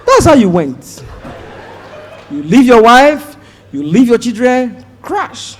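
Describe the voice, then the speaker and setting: A Nigerian man performing a stand-up comedy set, telling a story and acting out shouted prayers. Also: very high-pitched, sing-song, slow pace. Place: comedy stage before a live audience. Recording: live show with crowd audible.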